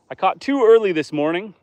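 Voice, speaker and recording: With a high-sitting, slightly mellow voice and no echo, a man from northern Canada casually streams live by a lake, fishing as he jokes around and talks with his viewers as a homesteader.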